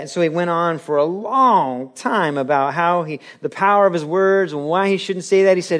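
A man preaching a sermon with a fairly high voice. He is animated and lively, acting out quoted voices and telling a joke as he teaches. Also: a little fast, few pauses. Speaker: pastor.

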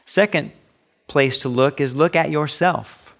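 A middle-aged man preaching a sermon as pastor, emphatic, rising high when he acts out voices. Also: a little slow, gravelly, a bit bright. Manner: emphatic preaching, pitch rising sharply on quoted asides.

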